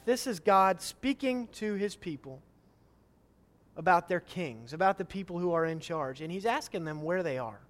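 A man's voice: high-pitched, animated, moderate pace, fairly bright tone. A man preaching a sermon, reading Scripture and acting out the people's pleas with rising, emphatic questions.

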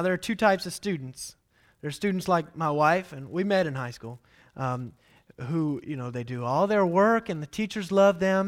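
High-voiced man preaching. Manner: animated storytelling, acts out quotes loudly. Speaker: pastor. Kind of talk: sermon.

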